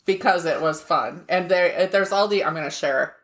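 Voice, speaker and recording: Lowish-voiced middle-aged lady, podcast co-host, rambly casual chat with lots of laughing. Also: moderate pace. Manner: chatty, laughs often, trails off mid-sentence.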